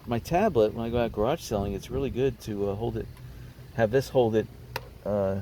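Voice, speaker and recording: A man's voice: fairly low pitch, slight background noise. Chatty man showing off bargains. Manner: chatty, hesitant with many ums, excited about bargains. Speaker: garage sale vlogger. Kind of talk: casual show-and-tell vlog.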